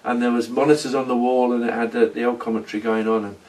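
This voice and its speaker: Man, middle-aged, rambling halting story, role-play monologue, mid-pitched, slightly distant mic. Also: flat delivery, a little mellow. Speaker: former oil company manager in a role-play.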